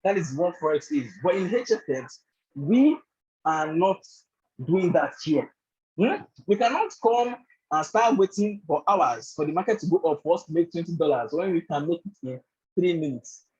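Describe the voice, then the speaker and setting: A man teaches a trading bootcamp over a group call, his voice pitched high and a little raspy. He fills his talk with "actually" and keeps checking in with the class. The call audio sounds dull and lo-fi. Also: animated, normal speed, a little mellow. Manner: repeatedly checks in with "do you understand?" and "right?"; leans heavily on "actually" and "all of that". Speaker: trading instructor.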